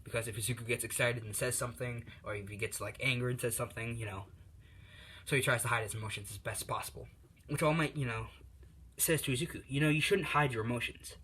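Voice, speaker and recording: Young guy telling a fan story, lots of "um" and "you know", bright voice. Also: mid-range voice, fast, slightly rough. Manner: rambling, heavy on fillers. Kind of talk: casual fan story retelling.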